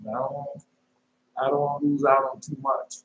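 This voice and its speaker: A man preaching informally and telling a dream, emphatic, repeating his phrases and jumping into sudden high shouts. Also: completely flat delivery, moderate pace, highs cut off. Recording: echoey room with faint noise.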